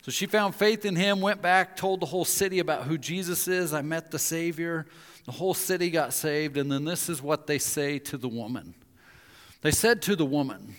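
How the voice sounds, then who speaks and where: A man's voice: a little high, moderate pace. A man preaching a sermon as a pastor, telling stories and acting out the voices of the people in them. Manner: animated storyteller acting out quoted voices. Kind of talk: sermon with storytelling. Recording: long hall reverb.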